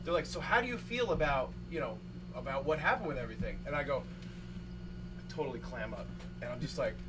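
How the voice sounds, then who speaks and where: A man's voice: mid-range voice, animated, quick pace, distant mic, noisy background. A man telling a self-mocking story in a casual chat, laughing at himself.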